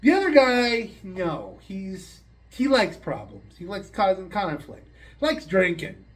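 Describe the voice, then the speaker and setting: A man in his fifties tells a long, rambling joke from a hotel room. His fairly high voice jumps around a lot as he acts out the story. He talks casually, with asides and restarts. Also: sing-song, takes it slowly. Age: 50s.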